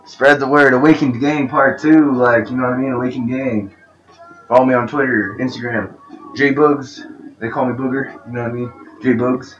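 A man's voice: mid-range voice, fairly even intonation, normal speed, a bit bright, dull audio, faint music behind. Rhyming young man dropping "ayy" ad-libs. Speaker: rapper. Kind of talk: freestyle rap over a beat.

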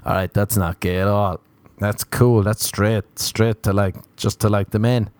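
A man's voice: fairly low pitch, fairly even intonation, a little slow, a little mellow, clear, resonant tone, no room sound. A young Irish man doing a rambling, sarcastic, self-mocking comedic monologue. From Ireland.

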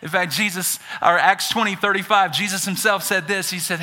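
Southern guy preaching, high voice, real bright and cutting, gets loud and fired up. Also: brisk. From Birmingham, Alabama. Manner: energetic, builds to shouting on key points. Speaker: pastor. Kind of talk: sermon.

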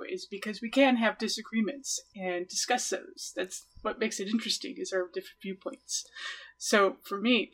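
A woman co-host speaks in casual podcast chat, dry and skeptical in tone. Her voice sits at a middle pitch. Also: a bit bright. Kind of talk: casual movie review chat.

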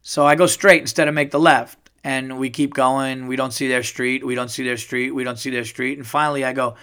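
A man's voice: mid-range voice, a little fast, few pauses, clear, resonant tone. A middle-aged man hosting his own podcast, chatting casually and swearing freely as he tells stories. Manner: profane, animated storyteller, swears freely. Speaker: podcast host; comedian. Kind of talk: casual solo podcast chat.

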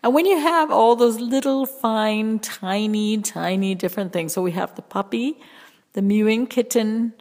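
Woman voice teacher, podcast host; slow, patient delivery with sung demos, reverberant sound. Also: a little high. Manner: slow, gentle teaching with vocal sound demonstrations. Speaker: vocal coach and podcast host. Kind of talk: voice lesson with sung demonstrations.

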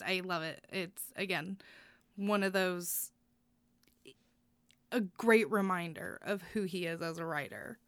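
A woman's voice: mid-range voice, fairly bright tone, clear, resonant tone, dry recording. A woman co-hosting a podcast, gushing with effusive praise for stories in casual chat, laughing often. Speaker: podcast co-host reviewing stories.

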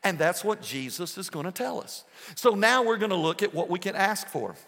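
Passionate preacher with a high, bright voice. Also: male voice, lively intonation, moderate pace. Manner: passionate, swings between soft and loud. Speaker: pastor. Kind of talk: sermon. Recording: long hall reverb.

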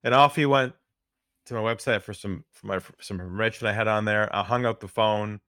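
A man's voice: fairly even intonation, brisk, a bit bright, no room sound. Male podcast guest, sales trainer; earnest storyteller, dry booth sound. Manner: earnest, drops his voice low for stories.

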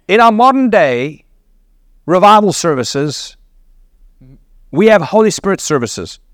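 A man delivers a sermon in a fairly high voice, teaching earnestly and posing rhetorical questions to his listeners. The sound is dry and close, with no room echo. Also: big pitch swings, measured pace. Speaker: preacher.

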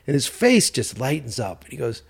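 A man's voice: mid-range voice, normal speed, vocal fry, slightly rough. A man hosting a podcast, telling stories in casual chat, swearing freely and playing up mock outrage. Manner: animated storyteller, swears freely, mock-indignant. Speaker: podcast host.

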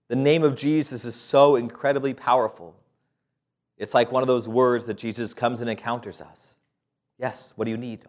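Casual, joking man preaching a sermon. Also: lowish voice. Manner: conversational, playful, with laughs and rhetorical questions.

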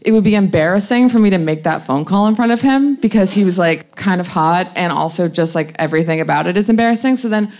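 A young woman recounts a personal anecdote in a frank, chatty way. She laughs often and leans on "like" as a filler, and her voice sits at an ordinary middle pitch for a woman. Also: fast talker, few pauses, darkish tone. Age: young adult. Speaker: storyteller.

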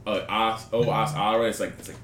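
A quick, bright-voiced man from New Jersey talking animatedly on a casual podcast. The room is echoey, with a faint hiss behind him. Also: fairly low pitch. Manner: animated, swearing, slips into mock voices. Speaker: podcast co-host. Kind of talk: casual chat.

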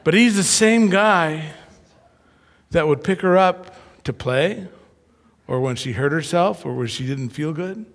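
Male pastor, slightly high voice, animated storyteller, big church reverb. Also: a little slow. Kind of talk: sermon with personal stories.

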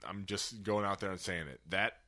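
Excited low-voiced man reviewing a film. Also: normal speed. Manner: excited, swearing, quotes lines in mock voices. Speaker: podcast co-host. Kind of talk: casual film review chat.

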